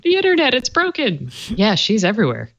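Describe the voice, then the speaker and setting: A woman's voice: fairly high pitch, huge pitch swings, a little fast, a bit bright. A woman on a casual tech panel show, outspoken and teasing, pushing back on the host.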